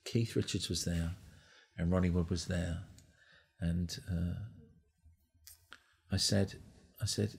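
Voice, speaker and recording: A man doing stand-up, winding through a long, sweary anecdote and restarting his sentences often. His voice sits fairly low and sounds husky. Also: level tone, slow, pauses often. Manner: rambling, profane, full of restarts. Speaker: stand-up comedian. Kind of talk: stand-up storytelling. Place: comedy club stage.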